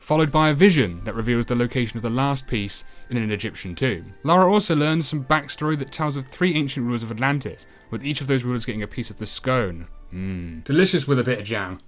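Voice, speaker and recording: Over soft background music, a man reviews a retro game in a sardonic, deadpan voice, swearing freely while tearing it apart. His pitch is ordinary mid-range, he talks fast with few pauses, and he stays dry and mocking the whole way.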